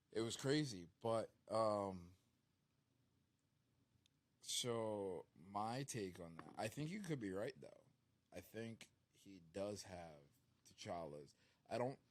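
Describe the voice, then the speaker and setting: A man co-hosting a casual podcast movie review, giving his opinion in a thoughtful, rambling way with many fillers. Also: fairly low pitch. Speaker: podcast co-host.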